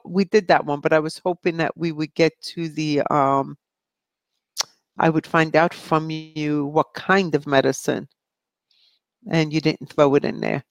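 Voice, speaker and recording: A woman's voice: low-pitched, no room sound. A middle-aged woman hosting a live psychic question show, reading out viewer questions in a breezy, chatty way and laughing often. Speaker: psychic medium show host.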